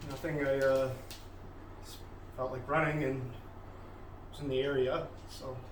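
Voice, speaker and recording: A man's voice: mid-range voice, level tone, measured pace. A man hosting a casual food vlog, talking in a rambling, offhand way full of fillers. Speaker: host. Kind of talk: casual chat, comedy skit. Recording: roomy sound from a distant mic, faint noise.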